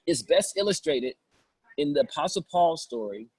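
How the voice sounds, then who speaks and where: A man leads a spiritual seminar with a husky, breathy voice and a fairly high pitch for a man. He preaches in a casual, colloquial way and acts out the voices he quotes. The sound is dry and close. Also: animated, moderate pace, a little mellow, no echo, low-quality recording. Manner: impassioned, acting out quoted voices. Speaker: spiritual teacher giving a seminar.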